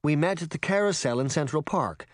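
A calm, careful young mother , played by a man, pitched somewhat higher than his own voice. She speaks steadily and reassuringly, with lively shifts in tone. The storybook recording is dry and close. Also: a little fast, no echo, natural voice. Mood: serious.

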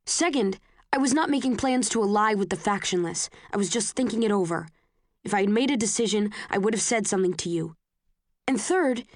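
A guarded young man speaks in a low, clipped, restrained way, read by a woman narrating a novel. The recording is dry and close, with no room around the voice. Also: dry recording, lightly acted.

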